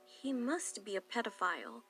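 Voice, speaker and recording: A woman narrating a scripted first-person story in a hushed, suspenseful way. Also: medium pitch, big pitch swings, moderate pace, faint music behind.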